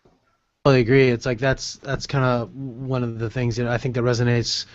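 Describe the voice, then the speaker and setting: A man speaks in a flat, even tone on a panel, agreeing casually with loose phrasing. The sound is dry and dull, with no room around it. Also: medium pitch, a little fast, dry recording. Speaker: podcast panelist. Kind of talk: casual chat.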